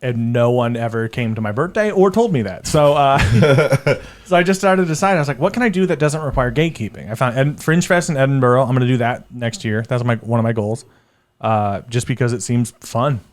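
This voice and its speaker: A man guesting as a comedian on a casual podcast chat, rambling and self-deprecating, halting with many fillers. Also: medium pitch.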